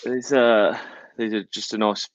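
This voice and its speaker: A man's voice: on the low side, fairly even intonation, measured pace, no echo. A man with a Birmingham accent co-hosting a live podcast, chatty and teasing, talking between bites of food. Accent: Birmingham English. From Birmingham, England. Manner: chatty, teasing, talks while eating. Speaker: podcast co-host. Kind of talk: casual live podcast chat. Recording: dull lo-fi dry sound.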